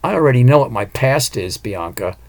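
A man's voice: mid-range voice, expressive, a little fast, a little mellow, natural voice. A man voicing a vengeful female ghost who talks curtly and impatiently, in an audiobook. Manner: curt, impatient, demanding. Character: angry vengeful female ghost, young woman.

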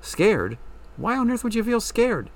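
A man reading a story, voicing a calm woman fortune teller who asks measured, probing questions. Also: sits high, voice pushed up, heavily acted. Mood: counseling.

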